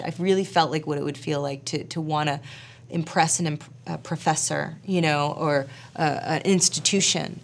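A woman actor and director tells a story in a relaxed interview, her voice sitting a little low with a gravelly, fry-tinged edge. She talks in an animated, chatty way, full of fillers and asides.

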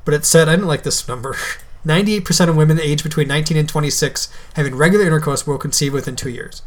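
A man's voice: on the high side, fast. A young man co-hosting a podcast in casual chat, talking in a loose, hesitant way with lots of fillers and easy laughs. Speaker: podcast co-host.

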